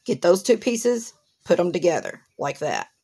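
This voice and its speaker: A woman's voice: on the low side, big pitch swings, normal speed, mellow, breathy edge. A woman, hosting a crafting channel and chatting casually through an unboxing to her viewers. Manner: chatty, instructive, addresses viewers directly.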